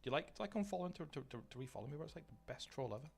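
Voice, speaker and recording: Gravelly-voiced man streaming games. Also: fairly high pitch, expressive, racing, darkish tone. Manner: rambling, swears, greets chat by name. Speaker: live streamer. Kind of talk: casual live-stream gaming chatter.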